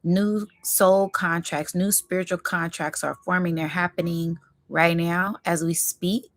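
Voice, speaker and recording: A woman hosting a spiritual reading vlog, talking in a slow, effusive and emotional way, close to tears of joy and calling her viewers y'all. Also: on the low side, steady tone, no echo. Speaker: spiritual reading channel host.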